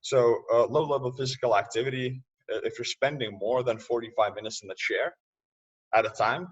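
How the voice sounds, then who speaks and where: A man speaking as a podcast guest in casual interview talk, loose and quick to laugh, often restarting his sentences. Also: mid-range voice, husky. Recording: distant, muffled remote audio.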